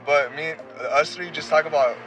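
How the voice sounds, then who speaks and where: A man's voice: on the high side, moderate pace, slight background noise, low-quality recording. A man co-hosting a podcast in casual chat, telling stories animatedly and swearing casually. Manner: animated storyteller, laughs easily, swears casually. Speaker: podcast co-host.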